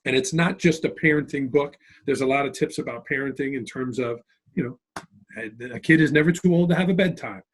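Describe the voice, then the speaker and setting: A man's voice: medium pitch, fairly quick, a little hiss or hum. A middle-aged man, a school principal and author, telling stories in a conversational interview and often checking in with "right?". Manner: animated, tags lines with "right?" and "like".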